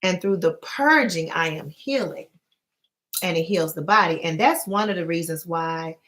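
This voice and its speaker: Woman, spiritual vlogger, lower register, loose confiding talk to camera. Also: normal speed, fairly bright tone. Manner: loose and conversational, often addressing viewers as y'all. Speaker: spiritual vlogger and dream interpreter.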